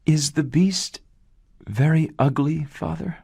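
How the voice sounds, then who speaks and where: A man's voice: on the high side, takes it slowly, vocal fry, mellow, husky, no echo, clean studio sound, voice pushed up, heavily acted. Man putting on a kind young heroine. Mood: curious. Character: brave, kind young woman.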